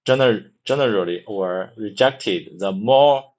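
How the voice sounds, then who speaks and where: Man, lowish voice, very slow, halting, repeats words, reading practice. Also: rough recording. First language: Mandarin. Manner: halting, repeats words many times, restarts. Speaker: reader practicing English. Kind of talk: reading a book aloud for pronunciation practice.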